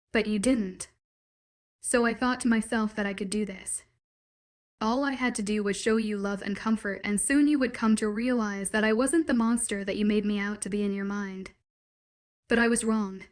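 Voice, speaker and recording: A woman's voice: mid-range voice, steady tone, normal speed, close to an everyday voice. A woman reading the lines of a possessive young male werewolf, pleading with intense declarations. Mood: earnest pleading.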